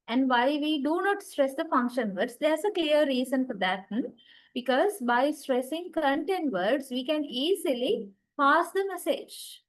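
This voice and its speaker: A woman with a slightly high voice teaches an online class through her computer mic. She talks patiently, repeats her main points, and often checks in with the students. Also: rough recording. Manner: patient, repeats key points, frequent "okay" and "right". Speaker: English linguistics lecturer. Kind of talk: online lecture.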